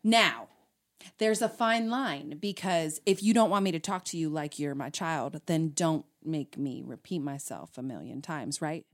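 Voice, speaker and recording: A woman on a relationship podcast, telling a personal story in a lively way and acting out both sides of an argument. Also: sits low, measured pace, dry recording, clean studio sound. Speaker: podcast co-host. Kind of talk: casual chat about relationships.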